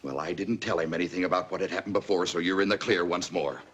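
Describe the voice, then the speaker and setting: A man's voice: deep voice, fast talker, a bit bright, a little hiss or hum. An actor playing a stern, fed-up middle-aged widowed father who scolds his daughter in a 1950s TV drama. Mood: angry.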